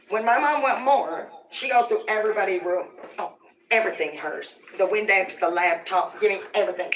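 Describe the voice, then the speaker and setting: A woman rants on a livestream, foul-mouthed and heated, jumping from one grievance to the next. Her voice sits at a middling pitch. She is heard from some distance, with the echo of the room around her. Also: brisk, a bit bright, a little hiss or hum. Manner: heated, vulgar, rambling. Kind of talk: profane angry rant on a livestream. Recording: echoey room, distant from the mic.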